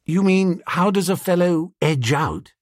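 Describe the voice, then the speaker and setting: A man voicing an impulsive young gentleman who talks in a chummy, excitable way. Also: high voice, unhurried, dry recording, clean studio sound, voice pushed up. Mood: breezy.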